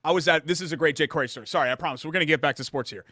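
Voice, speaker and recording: A man's voice: a little high, bright, forceful tone, no echo. Chatty male sports-show co-host, dry studio sound. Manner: chatty storyteller, quick asides. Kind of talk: casual sports talk show chat.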